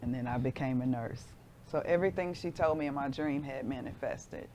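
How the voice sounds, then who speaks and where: A woman in her forties, a guest in an interview, telling a personal story with lively acted-out voices. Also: rumbling low, a little fast, slight background noise.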